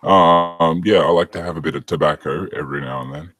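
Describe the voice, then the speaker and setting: A man's voice: a bass voice, steady tone, fairly quick, fairly bright tone, poor audio. A man, rambling in casual chat on a video call and swearing freely.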